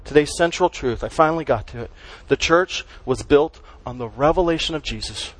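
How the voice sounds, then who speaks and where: A man's voice: a little high, a little fast, low-quality recording. A man preaching a sermon as pastor, stressing and repeating key words as he teaches.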